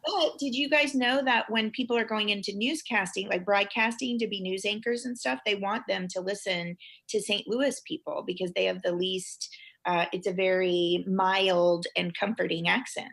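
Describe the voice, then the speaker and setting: A middle-aged woman from Missouri with a Missouri accent, telling stories in a bright, forceful voice. She chats casually as a guest and laughs often. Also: medium pitch, moderate pace, gravelly. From Springfield, Missouri. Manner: animated, laughing storyteller. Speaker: guest comedian and actress. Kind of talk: casual chat.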